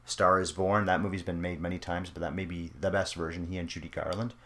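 Male co-host, very low voice, relaxed film chat, reflective, drops quiet at phrase ends. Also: fast talker. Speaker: podcast co-host. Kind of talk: casual film discussion.

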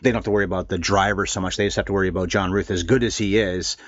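A man breaking down a movie in casual podcast chat. His voice sits low, and he talks with animated, blunt energy. The sound is dry and a little dull. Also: racing, dry recording. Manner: animated, swearing, restarts. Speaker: film podcast co-host. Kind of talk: casual film discussion.

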